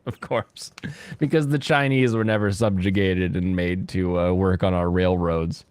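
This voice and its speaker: A man's voice: low voice, normal speed, no room sound. A man streaming a game who chats, rants and laughs often, speaking into a close desk mic. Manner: animated, ranting, laughs often. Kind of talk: casual gaming stream chat.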